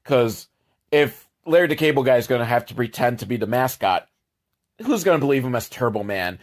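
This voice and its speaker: A man riffs his way through a movie recap with crude, mocking sarcasm. His voice sits at an ordinary middle pitch, leaping upward whenever he lands a jab, and he swears freely as he talks. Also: animated, a little fast. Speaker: movie commentator.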